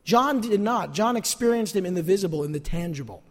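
A man's voice: sits high, expressive, fairly quick, long reverb tail. A man preaching a sermon as pastor, earnest and emphatic, repeating key phrases for weight.

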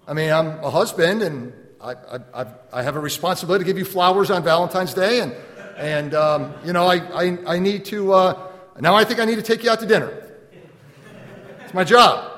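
A man preaching a sermon as a pastor, animated, acting out little dialogues and laughing often. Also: sits high, normal speed. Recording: long hall reverb.

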